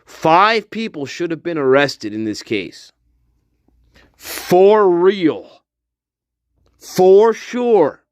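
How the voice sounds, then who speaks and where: Slow, rambling male livestream host. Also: high voice, very animated, no echo, clean studio sound. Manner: rambling, profane, repetitive, laughs often. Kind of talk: casual livestream commentary.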